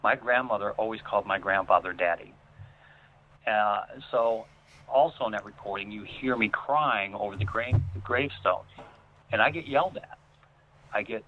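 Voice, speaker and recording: A man telling a personal story as a guest, earnest and emotional, with many pauses. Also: lowish voice, slight background noise. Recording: phone-like line.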